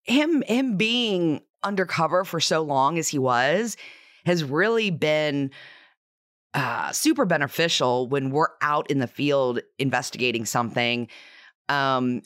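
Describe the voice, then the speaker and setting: A woman investigator telling a story on a podcast in an animated, lively way. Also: low voice, a little slow, dry recording, clean studio sound. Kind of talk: casual storytelling.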